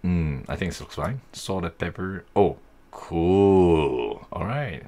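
A young man casually talking through a software tutorial, thinking aloud as he works. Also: low voice, animated, slow. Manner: easygoing, thinking aloud while working. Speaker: tutorial host.

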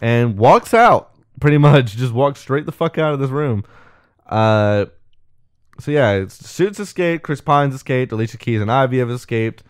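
Speaking at a moderate pace in a clear, resonant mid-range voice, a podcast co-host recaps a movie's plot in a relaxed way. He performs the characters' lines with animation, dropping casual swears along the way. Studio quality audio, no echo.

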